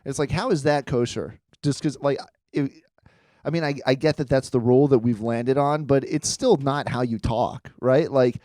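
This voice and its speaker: A man's voice: mid-range voice, moderate pace, mellow, no echo, clean studio sound. Joking, foul-mouthed podcast host man. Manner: loose, joking, swears often. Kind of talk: casual comedy podcast chat.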